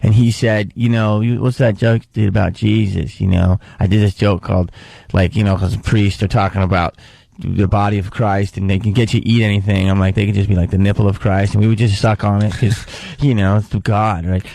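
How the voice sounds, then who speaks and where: Gravelly low-voiced comedian guest. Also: male voice, flat delivery, fairly quick, dry recording. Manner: storytelling, acts out hecklers in shouts. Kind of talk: casual talk radio interview.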